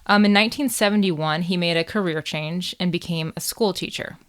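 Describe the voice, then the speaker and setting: American woman, low smooth voice, irreverent true-crime podcast co-host. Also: brisk. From United States. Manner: irreverent, swears and jokes while telling the case. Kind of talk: casual true crime chat.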